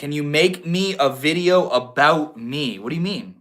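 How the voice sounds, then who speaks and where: A man's voice: on the high side, lively intonation, moderate pace, fairly bright tone. A young man from Maine hosting a casual livestream, chatting in a slangy, laid-back way and answering viewers. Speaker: livestream host.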